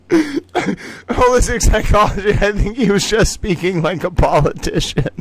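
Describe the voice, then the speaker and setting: A man's voice: high-pitched, no room sound. A man hosting a casual live-stream trivia game, playful and chatty, laughing often between phrases and chatting to his toys. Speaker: livestream host running a trivia game.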